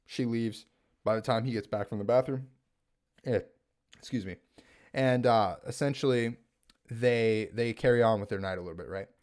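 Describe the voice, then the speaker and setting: A man talking at home, recapping and reviewing a TV series in an animated, rambling way, full of "like" and "right?". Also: mid-range voice, moderate pace, long pauses, smooth. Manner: animated, rambling, filler-heavy with frequent "like" and "right?". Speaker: gaming video creator reviewing a TV series. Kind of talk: casual spoken recap and review.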